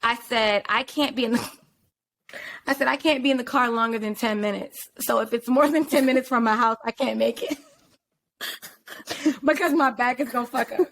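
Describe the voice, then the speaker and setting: A woman hosting a podcast, telling a casual and profane story in an animated way, jumping in and out of quoted voices. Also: on the high side, moderate pace, vocal fry, long pauses. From rural area. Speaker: podcast host.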